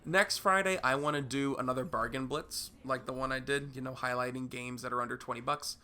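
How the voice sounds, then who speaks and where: A man's voice: medium pitch, steady tone, a little fast, bright, forceful tone. A young man with a sick voice, chatting casually in a rambling vlog Q&A about his gaming channel. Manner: rambling, repeats words and fills with "uh". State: sick, hoarse voice. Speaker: YouTube gaming channel host.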